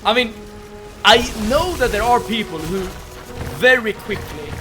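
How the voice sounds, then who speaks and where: A man's voice: high voice, lively intonation, a little slow. A young man with a Swedish accent chatting with his live-stream viewers while playing a game. He stammers and repeats words a lot and laughs often. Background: soft game music.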